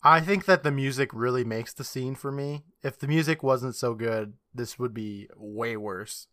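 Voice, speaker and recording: A man co-hosting a podcast, recapping a TV episode in casual, animated chat and laughing often. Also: mid-range voice, moderate pace, dry recording, studio quality. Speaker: podcast co-host.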